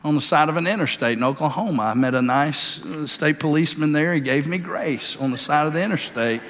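A man's voice: a little high, brisk, fairly bright tone, big-room sound. A man preaching a sermon, telling a family story in a folksy way with many fillers and restarts. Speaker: pastor.

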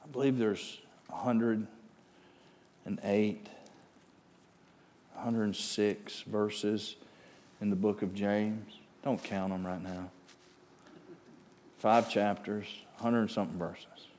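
A man preaching a sermon as pastor, slow and deliberate, building to loud, animated passages. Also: lowish voice, big-room sound, slight background noise.

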